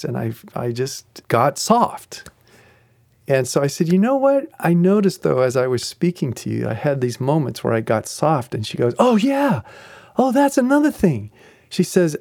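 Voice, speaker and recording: A man's voice: mid-range voice, creaky, a little mellow, dry recording, clean studio sound. A middle-aged man earnestly telling a personal faith story about leading a small group, acting out what others said. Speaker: ministry group facilitator.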